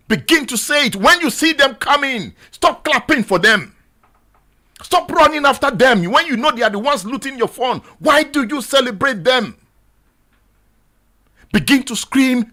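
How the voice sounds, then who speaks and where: A Nigerian radio host with a high, bright voice pleads and exhorts his audience. His pitch swings widely as he repeats his lines and builds to shouting. He speaks from a studio mic. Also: animated, normal speed. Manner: exhorting, repetitive, rising to shouts. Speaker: radio talk show host. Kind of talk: impassioned radio monologue.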